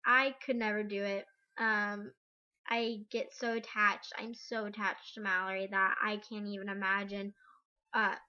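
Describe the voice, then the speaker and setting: A woman's voice: a little high, pushed and bright, muffled recording. A young woman giving her frank opinions on parenting in a casual vlog, chatty, with frequent ums. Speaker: parent vlogger.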